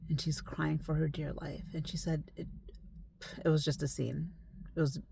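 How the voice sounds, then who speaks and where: A woman's voice: low-pitched, little pitch movement, normal speed, creaky, slight background noise. A young adult woman telling a story in a casual, emphatic, conversational way. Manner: conversational, emphatic, sometimes hushed. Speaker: esthetician telling a client's story.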